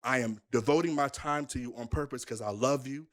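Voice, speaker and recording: A man's voice: mid-range voice, brisk. A young man, a minister, telling his life story candidly in an interview, emphatic and full of rhetorical questions.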